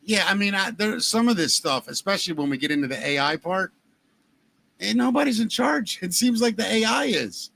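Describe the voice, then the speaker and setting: A man with a Baltimore accent hosting a podcast, telling jokey stories in a lively, animated way. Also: high voice, fairly quick, gravelly. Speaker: podcast host. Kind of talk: casual chat.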